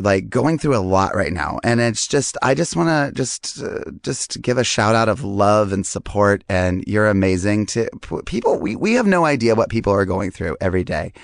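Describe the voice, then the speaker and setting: Hoarse, low-voiced man hosting a podcast. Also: big pitch swings, normal speed, no echo. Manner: rambling, self-deprecating, chatty. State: hoarse, strained voice. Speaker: podcast host. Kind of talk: casual monologue.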